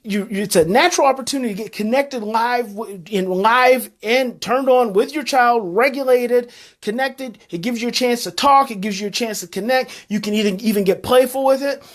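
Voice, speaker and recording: A man's voice: very high voice, normal speed. A man giving a live-streamed parenting talk, earnest and coaching, who repeats his key phrases like a refrain. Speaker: parenting educator.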